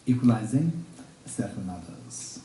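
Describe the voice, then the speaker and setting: A man teaching Buddhist practice at a retreat, repeating each point slowly as if dictating, with halting restarts and check-ins with his listeners. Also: on the low side, lively intonation, mellow, slight background noise. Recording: roomy room, speaker far from mic.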